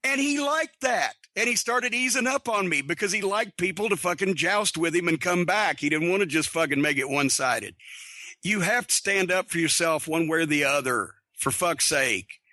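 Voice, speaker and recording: A middle-aged man with a high, bright, forceful voice tells blunt stories full of swearing in a casual podcast monologue. His delivery is wry and punchy. He sounds close and dry, with no room around him. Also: animated, normal speed, no room sound. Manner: blunt, profane, wry storyteller. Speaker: podcast host.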